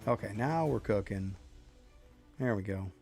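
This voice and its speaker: A man's voice: lowish voice, lively intonation, measured pace, darkish tone, soft background music. A man from upstate New York with a mild local accent, chatting bluntly with his live-stream viewers about gaming. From New York State, outside the city. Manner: blunt, talks back to chat, laughs between points.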